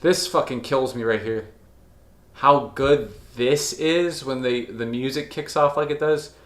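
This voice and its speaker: A man's voice: mid-range voice, a little slow, fairly bright tone. Profane, gushing man in a roomy space. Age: 30s or older. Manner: profane, gushing, rambling with restarts. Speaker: video reviewer. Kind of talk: casual reaction commentary.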